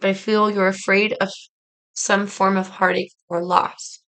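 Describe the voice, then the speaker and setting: A woman's voice: mid-range voice, little pitch movement, a little slow, fairly bright tone, clear, resonant tone, rough recording. A woman reading tarot cards for her viewers in a casual, earnest, reflective way, speaking straight to them. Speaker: tarot reader.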